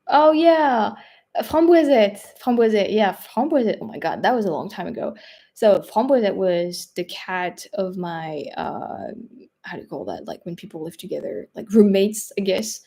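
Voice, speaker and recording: A young woman with a French accent chats on a livestream. Her voice sits at an ordinary middle pitch. She rambles along with plenty of fillers and light laughs. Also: expressive, normal speed, warm tone. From France. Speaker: livestream host reading viewer chat. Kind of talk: casual live-stream chat.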